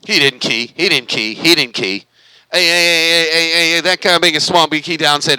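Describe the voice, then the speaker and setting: A man, excitedly bantering over a CB radio in a hyped, repetitive cheerleading way. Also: on the high side, normal speed, clear, resonant tone, no echo, low-quality recording. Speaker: CB radio vlogger.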